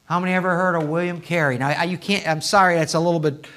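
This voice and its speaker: A male pastor preaching a sermon in a church, swinging from hushed asides to loud, impassioned appeals. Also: fairly high pitch, fairly even intonation, quick pace. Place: church sanctuary.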